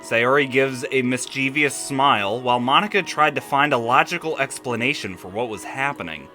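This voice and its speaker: A gaming streamer reading a visual novel aloud and reacting with profane, animated commentary. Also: mid-range voice, moderate pace, soft background music.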